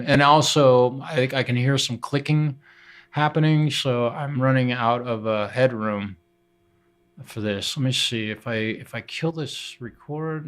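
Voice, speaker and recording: A man talks slowly and loosely on a live stream, trailing off and restarting as he works through his music gear. His voice sits in an ordinary middle register, and his delivery is unhurried and hesitant. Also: mid-range voice, smooth. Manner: halting, full of fillers and restarts, thinking aloud while troubleshooting. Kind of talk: casual live-stream talk while working.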